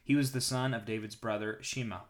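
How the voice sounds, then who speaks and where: A man hosting a daily Bible reading, who prays and then reads scripture aloud in a calm, measured way. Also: medium pitch.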